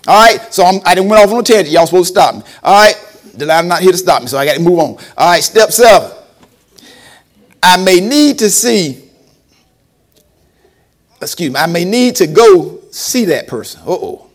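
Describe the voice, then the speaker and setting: A man's voice: high voice, expressive, normal speed, pauses often. A man preaching a storytelling sermon, acting out quotes and laughing often. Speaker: preacher and former school principal.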